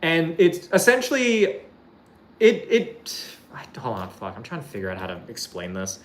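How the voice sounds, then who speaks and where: A streamer talking loosely to their chat, voice swinging widely up and down in pitch. They ramble from one half-finished thought to the next, swearing freely and leaning on "like" constantly. The delivery is casual and unscripted. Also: wildly swooping pitch, moderate pace, slight background noise. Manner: rambling, swears often, heavy use of "like"; laughs while describing a clip.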